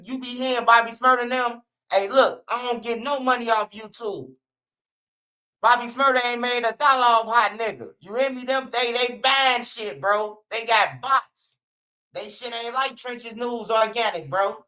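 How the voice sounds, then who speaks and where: A man's voice: very high-pitched, bright, forceful tone. A man from Chicago with a Chicago accent, hosting a livestream and giving blunt, profane street-talk commentary. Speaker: livestream host. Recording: muffled lo-fi stream audio.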